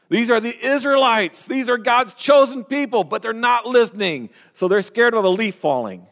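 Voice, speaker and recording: A man's voice: very high-pitched, lively intonation, moderate pace, creaky, few pauses, a bit bright. A man preaching a sermon as pastor, earnest and emphatic, often restarting words and phrases. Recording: long hall reverb.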